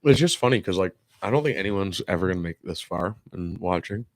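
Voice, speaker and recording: A man's voice: low voice, animated, fast, no echo. A young man hosting a podcast, chatting loosely and jokingly in slang. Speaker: podcast host. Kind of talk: casual chat.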